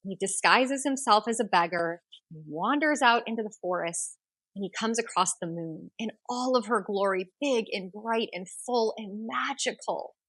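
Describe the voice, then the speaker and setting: A woman hosting an astrology podcast who tells a myth and then teaches, with expressive, rhythmic storytelling. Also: mid-range voice, moderate pace, slightly rough, no room sound.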